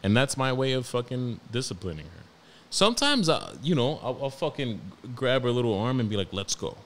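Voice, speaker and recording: A young man with a New York accent, hosting a podcast and telling stories about his toddler in a profane, animated, slangy way. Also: mid-range voice, fairly quick. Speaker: podcast host. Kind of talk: casual storytelling monologue.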